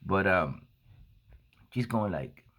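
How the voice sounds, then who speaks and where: A man with a lowish voice tells a story at a slow, unhurried pace in a casual monologue. His pitch rises and falls widely as he acts out the back-and-forth of the conversation. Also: expressive, fairly bright tone. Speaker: coffee seller and vlogger.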